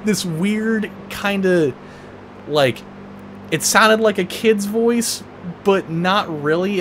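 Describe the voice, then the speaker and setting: A man's voice: high-pitched, a little hiss or hum. A man hosting a let's play, telling a long story in a rambling way, full of fillers and profanity. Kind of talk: casual gameplay commentary, telling a story. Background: racing game music and engine sounds.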